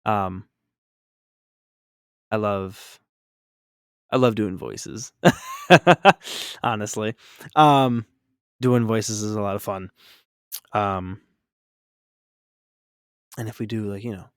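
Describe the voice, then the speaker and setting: A man's voice: lowish voice, drawn-out words, long pauses, clean tone, no room sound, clean studio sound. A man painting on a live stream, chatting casually and reacting to chat in an upbeat, rambling way.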